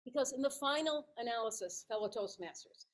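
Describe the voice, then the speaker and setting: A woman in her fifties giving a prepared storytelling speech to her club, animated and dramatic, acting out dialogue. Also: a little high, a little fast, poor audio. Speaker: club speaker.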